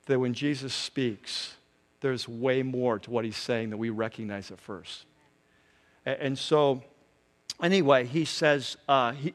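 A pastor with a fairly high voice delivers a sermon, telling the story with animated energy and frequent laughter. His voice carries a long reverb, as if it is filling a large hall.

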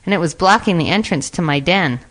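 A woman's voice: lowish voice, brisk, fairly bright tone, lightly acted. A woman voicing a stubborn, wicked male snake in a storybook reading, hissing and insistent.

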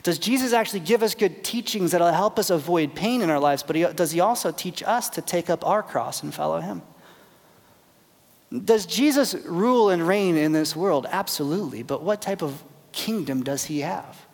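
A male pastor preaching a sermon, with dramatic swings from loud emphasis down to near whispers. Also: high voice, animated, moderate pace, long reverb tail.

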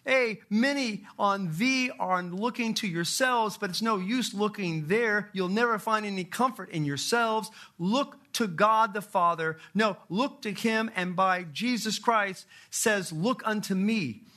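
A man acting out an old country lay preacher who shouts and repeats his plea in rustic grammar. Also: sits high, measured pace, few pauses, voice pushed up. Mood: pleading.

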